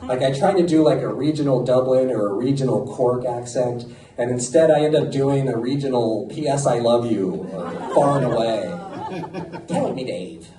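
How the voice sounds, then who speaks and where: A man's voice: mid-range voice, moderate pace, a crowd in the background. A middle-aged American man performing a self-mocking stand-up comedy set in a club, with audience laughter behind him. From United States. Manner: punchy, self-mocking delivery. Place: comedy club stage before a live audience. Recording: roomy live club sound from a distance.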